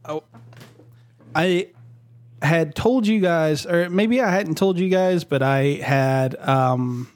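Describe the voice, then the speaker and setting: Slow, halting man with a dry sound. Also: fairly high pitch, dry recording. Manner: slow, halting, many fillers. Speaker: podcast host. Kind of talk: casual podcast chat. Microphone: home microphone over voice chat.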